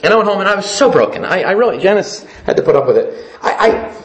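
A man's voice: high voice, very animated, quick pace, echoey room, poor audio. A male pastor preaching a sermon, pleading and emphatic, repeating phrases for stress.

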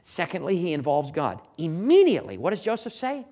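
A preacher working through a sermon with a lively, rising-and-falling pitch. The delivery swings from loud, emphatic bursts down to hushed, low asides. Words get repeated and phrases restarted as the thoughts pile up. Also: brisk. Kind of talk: expository sermon.

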